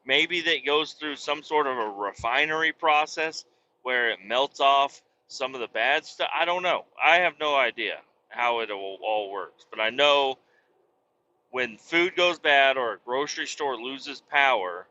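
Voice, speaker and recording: Man with a bright, rambling, profane voice. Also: medium pitch, unhurried, highs cut off. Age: adult with young children. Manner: rambling, profane, with many restarts. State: hiccuping. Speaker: podcast host. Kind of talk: casual rambling monologue.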